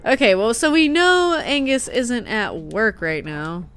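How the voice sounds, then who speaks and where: A woman's voice: on the high side, expressive, measured pace, hardly any pauses, a bit bright, clear, resonant tone. Giggly young woman doing let's play commentary. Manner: giggly, chatty, jokey asides. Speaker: game streamer. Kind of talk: casual let's play commentary and voicing characters.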